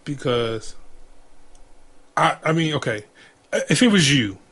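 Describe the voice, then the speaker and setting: A man's voice: medium pitch, expressive, slow pace, fairly bright tone. Man in loose slangy podcast chat. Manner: loose, conversational, repeats phrases and slang. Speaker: podcast co-host. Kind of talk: casual chat.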